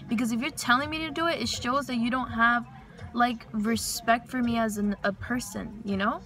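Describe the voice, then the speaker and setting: A woman's voice: fairly high pitch, brisk, bright, forceful tone, slight background noise. Frank, rambling young woman venting in a car. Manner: frank, rambling, heavy swearing. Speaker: vlogger. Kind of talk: casual venting monologue. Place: inside a parked car.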